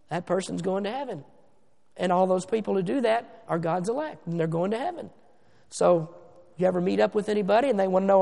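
A male pastor delivers a sermon in a high, deeply gravelly voice. He presses his points hard, drawing words out for stress and dropping from loud declarations to near-hushed asides. His voice rings with the long reverb of a church hall. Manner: emphatic, slows down for stress, swings between loud and hushed. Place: church sanctuary.

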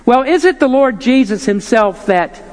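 A man's voice: extremely high pitch, lively intonation, normal speed. A man preaching an earnest, emphatic sermon, posing rhetorical questions to his listeners. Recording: long hall reverb.

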